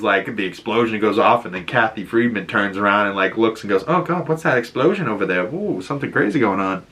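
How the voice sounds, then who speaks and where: A man with a Boston accent, chatting casually as he recaps episodes of a show and acts out the characters' lines in quick voices. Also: mid-range voice, bright, forceful tone.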